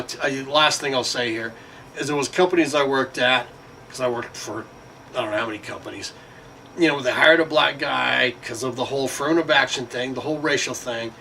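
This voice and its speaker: A man's voice: medium pitch, pushed and bright. A man delivering a rambling, profane monologue full of fillers. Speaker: vlogger. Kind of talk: casual monologue. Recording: distant mic with faint background noise.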